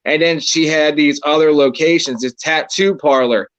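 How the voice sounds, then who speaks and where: A man's voice: on the high side, moderate pace, a bit bright, dry recording. A man with a Maryland accent, a paranormal investigator co-hosting a casual podcast, who rambles along with lots of fillers and easy agreement. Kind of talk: casual chat.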